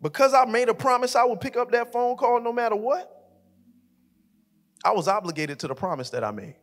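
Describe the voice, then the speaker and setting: Animated preacher in a reverberant hall. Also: male voice, very high voice, a little fast. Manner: animated, acts out his daughter's voice, builds to shouting. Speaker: co-pastor. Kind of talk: sermon with storytelling. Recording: live church hall reverb with music.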